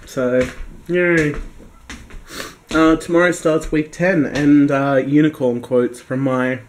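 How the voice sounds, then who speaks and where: A man's voice: on the high side, steady tone, takes it slowly, a little hiss or hum. A man with a cold, sneezing and coughing, chatting casually and rambling to camera in a home video blog. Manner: rambling, chatty, self-mocking. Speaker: daily video blogger.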